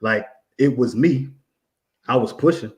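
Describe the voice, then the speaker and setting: A man's voice: mid-range voice, measured pace. A man co-hosting a casual talk, reflecting on his own story with slang and frequent "you know what I'm saying". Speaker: co-host.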